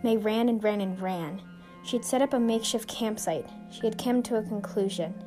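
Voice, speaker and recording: This woman hosts a show and narrates a scripted suspense story, earnest and suspenseful in delivery. Her voice sits in the mid-range with a dark tone and moderate pace, over background music. She works as a storyteller and podcast host.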